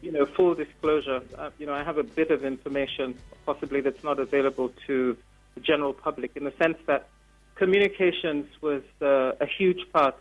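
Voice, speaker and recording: A man with a somewhat high voice joins the panel over a remote link, earnest and persuasive and filling his pauses with ums. The line sounds dull and lo-fi, with faint music in the background. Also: steady tone. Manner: earnest, persuasive, with many fillers. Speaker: panel guest.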